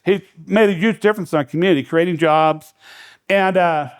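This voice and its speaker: High-voiced man telling jokey stories. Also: brisk, smooth. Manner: joking storyteller, lots of restarts and fillers. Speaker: economic development director. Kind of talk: casual seminar talk. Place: lecture room.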